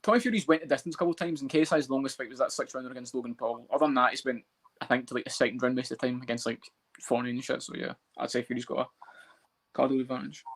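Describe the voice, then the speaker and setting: A man co-hosting a casual podcast chat about fights, talking fast, swearing and laughing a lot. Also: mid-range voice, steady tone. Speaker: podcast co-host.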